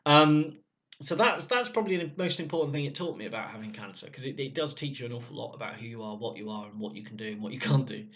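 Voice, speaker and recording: A gruff man telling his own story bluntly, swearing freely in casual speech. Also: medium pitch, fairly bright tone. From Cornwall, England. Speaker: vlogger. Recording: dull lo-fi sound.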